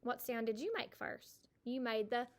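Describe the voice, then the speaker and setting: A middle-aged woman, a kindergarten teacher giving a recorded phonics lesson and slowly sounding out each letter for young children. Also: on the high side, steady tone.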